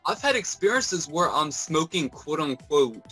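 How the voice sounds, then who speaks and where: A man's voice: fairly high pitch, sing-song, a little slow, pushed and bright, soft background music, low-quality recording. A man hosting a podcast, talking in an earnest, reflective way with casual swearing. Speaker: podcast host.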